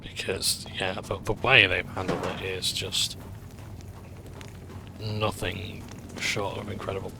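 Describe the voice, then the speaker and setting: A man's voice: sits low, level tone, slow pace, long pauses, background noise. Rambling man commenting on a game. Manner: rambling, hesitant, full of fillers. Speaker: gaming channel host. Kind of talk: casual gameplay commentary.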